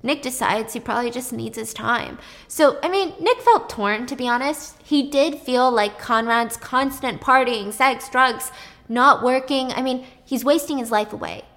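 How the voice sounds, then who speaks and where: A woman's voice: fairly high pitch, a little slow. Chatty woman retelling a plot. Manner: animated, chatty, lots of "like". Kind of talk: casual storytelling retelling a film plot.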